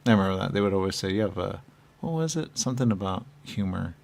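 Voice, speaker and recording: A man telling a rambling improvised comic monologue, laughing often and swinging from shouting to muttering. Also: low-pitched, animated, quick pace, gravelly.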